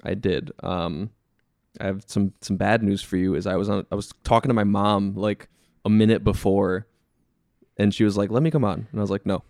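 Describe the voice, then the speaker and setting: Young male podcast guest, easygoing and self-mocking, low voice, dead-dry recording. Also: normal speed, vocal fry, no room sound. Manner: relaxed, laughing, self-deprecating. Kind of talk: casual chat.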